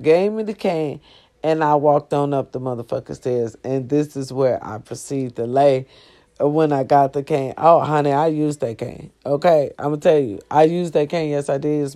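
A woman in pain, sitting on her bed and spinning a profane, animated story for her viewers. She talks to them directly, swearing freely and keeping the telling lively. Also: low-pitched, moderate pace. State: sore, in pain. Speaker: vlogger. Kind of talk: casual storytelling vlog.

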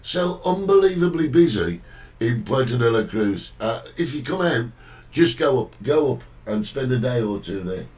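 Bloke hosting a chatty talk show, reads out hellos from viewers, mid pitch. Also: male voice, sing-song, normal speed, a little mellow, far from the mic, poor audio. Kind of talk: casual chat.

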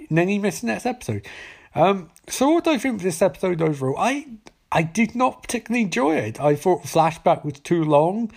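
A man's voice: fairly high pitch, a little mellow. A man casually recapping and reviewing a TV episode in a loose, chatty way. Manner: chatty, loose, with frequent restarts.

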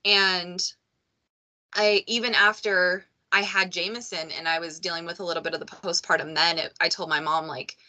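Host: woman with a bright, forceful voice pitched fairly low, candid, chatty, lots of fillers. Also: fairly even intonation, moderate pace. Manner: candid and conversational, many fillers like "like". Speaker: podcast host. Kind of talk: casual podcast conversation.

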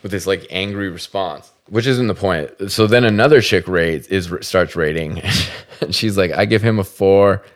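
A man's voice: low-pitched, moderate pace. A man hosting a podcast, telling a story in a profane, exasperated comic ramble. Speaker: podcast host. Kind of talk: rambling comedic monologue.

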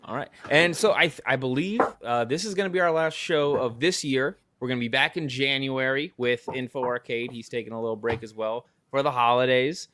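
A man's voice: medium pitch, a little fast, few pauses, a bit bright, a little hiss or hum. An American man co-hosting a live-streamed chat show, talking casually and often stumbling over his words. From United States. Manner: hesitant, stumbling restarts. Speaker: podcast co-host.

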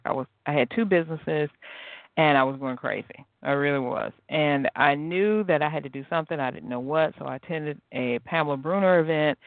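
Lady host just chatting solo, lively, laughs a lot, sounds tinny like a phone, dead dry. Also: low-pitched, no room sound. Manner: chatty, animated, laughs often. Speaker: podcast host. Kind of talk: casual solo talk.

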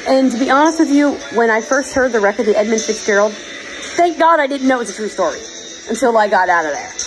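Woman podcasting, high-ish voice, earnest and emotional, soft music behind. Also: lively intonation, fast, low-quality recording. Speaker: podcast host. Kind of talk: casual chat. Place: virtual world.

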